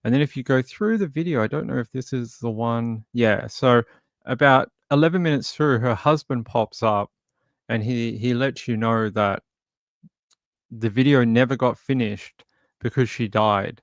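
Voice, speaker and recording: A man hosting a casual live stream, rambling and halting as he greets viewers by name. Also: mid-range voice, no room sound, clean studio sound.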